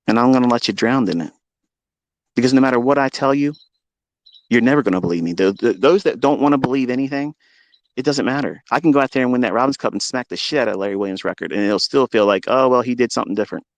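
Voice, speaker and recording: A man talks off the cuff in a live audio room, cursing freely and daring his critics with boastful swagger. His voice sits at an ordinary middle pitch and sounds dry, with no room echo. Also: fast. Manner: profane, confrontational, boastful. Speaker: trading mentor hosting a live audio room. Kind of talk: unscripted live audio rant.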